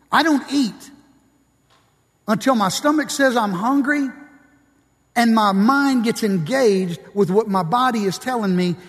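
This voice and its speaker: Guy preaching to his church, reads book quotes, asks the crowd stuff, kinda high voice. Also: big-room sound. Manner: reads quotes from books aloud, asks the congregation questions. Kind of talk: sermon.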